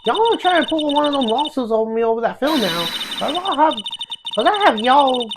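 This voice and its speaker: A woman's voice: high voice, sing-song, brisk, heavy background noise. A woman doing a brash Southern photographer. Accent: put-on American Southern. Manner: drawling, pushy, scolding. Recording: loud game music behind.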